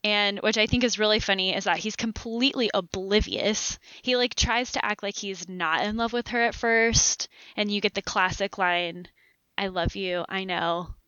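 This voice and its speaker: A woman's voice: medium pitch, moderate pace, few pauses, bright, forceful tone, smooth, dry recording, dull audio. A woman chatting casually on a podcast, laughing often. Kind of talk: casual chat.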